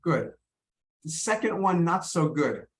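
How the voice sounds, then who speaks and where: A man's voice: fairly high pitch, very animated, a little slow. A man teaching an online pronunciation lesson over a video call, friendly and often repeating and restarting his words.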